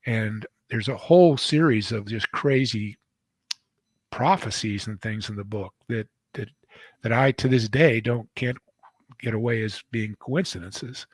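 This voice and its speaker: Older man telling an emotional story, husky. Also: lowish voice, dry recording. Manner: halting, emotional, many restarts. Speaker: author and guest.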